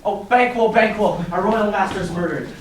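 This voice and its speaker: A man's voice: sits high, normal speed, slight background noise. A teenage boy acting in a school stage performance, reciting lines and at times raising his voice. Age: teens. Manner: recited lines, bursts into shouting. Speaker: student actor as Macduff. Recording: echoey room, distant mic.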